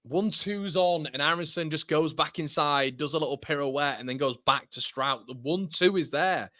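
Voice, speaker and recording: This host's voice is a little high with a sharp tone, studio quality and echo-free. Running a live football watchalong for his fan channel, he fires off quick reactions to play, ranting in heated exasperation and swearing frequently.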